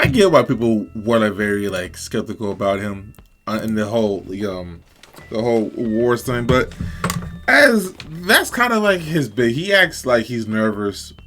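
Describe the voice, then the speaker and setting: A man's voice: lowish voice, a bit bright. A man giving casual reaction commentary, rambling hesitantly with lots of fillers. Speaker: reaction video creator.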